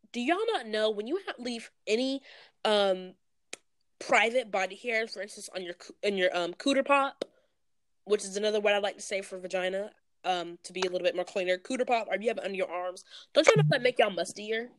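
A woman's voice: medium pitch, fairly quick. A woman, ranting bluntly and casually in slangy podcast chat. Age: 20s. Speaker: podcast co-host.

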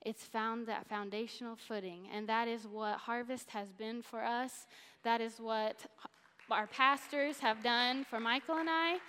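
A woman from Missouri teaches a church congregation with warm enthusiasm and earnest conviction. Her voice sits a little high. A long reverb from the large auditorium trails each phrase through the stage microphone. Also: steady tone, measured pace, clean tone. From Missouri, USA. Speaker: church speaker. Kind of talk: sermon-style Bible teaching.

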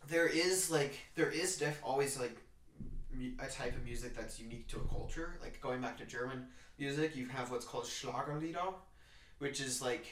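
A man's voice: medium pitch, moderate pace, fairly bright tone. Young man chatting in a roomy room. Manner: chatty, rambling, restarts sentences. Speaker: podcast co-host. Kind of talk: casual chat. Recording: roomy, distant mic.

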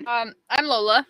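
Woman, British accent, young adult, podcast host, bright tone, giggly, rambling, slightly hoarse. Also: on the high side, no echo. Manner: giggly, rambling, lots of ums. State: losing her voice. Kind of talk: casual chat, reading notes.

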